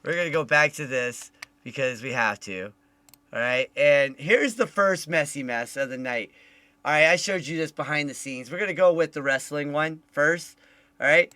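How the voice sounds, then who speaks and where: A man hosting a casual live-streamed chat show, loud and animated, swearing often. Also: on the high side, normal speed, dry recording. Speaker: podcast host.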